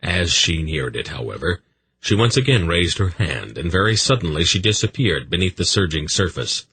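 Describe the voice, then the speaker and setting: A man's voice: low-pitched, sing-song, moderate pace, bright, forceful tone, slight background noise. A man narrating an audiobook with intense, dramatic storytelling.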